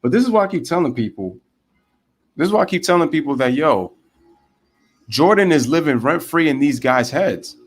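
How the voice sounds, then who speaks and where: This young streamer does casual live play-by-play of a baseball game, pausing between pitches to read his viewers' chat aloud and chatting with them. At a moderate pace with long pauses, his slightly rough voice holds a normal middle pitch, then jumps steeply higher when he gets going on animated, heated rants.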